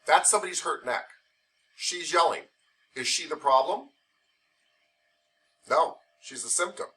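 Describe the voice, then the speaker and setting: Bright-voiced male instructor lecturing. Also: fairly high pitch, animated, unhurried, recorded from a distance. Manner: conversational, uses playful hypothetical examples. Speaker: massage therapy instructor. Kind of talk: classroom lecture. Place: classroom.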